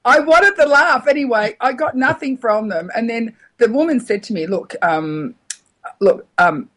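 A middle-aged woman, a radio comedian, telling stories in a casual interview, animated and laughing often. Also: fairly high pitch, moderate pace.

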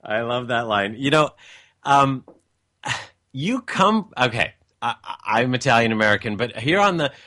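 A talk show host from the American West Coast leads an interview, halting often and starting sentences over. His voice sits at an ordinary middle pitch for a man. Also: expressive, bright, forceful tone. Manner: halting, many fillers and restarts, laughs along. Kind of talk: casual interview.

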